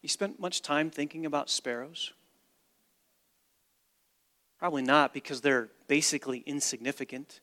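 A man preaching a sermon as pastor, with dramatic swings from hushed to loud and emphatic delivery. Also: a little high, unhurried, pauses often. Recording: long reverb of a large hall.

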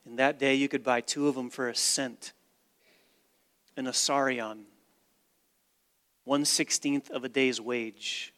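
A man preaching a sermon as pastor, with dramatic swings from hushed to loud and emphatic delivery. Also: medium pitch, fairly even intonation, takes it slowly, pauses often. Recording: long reverb of a large hall.

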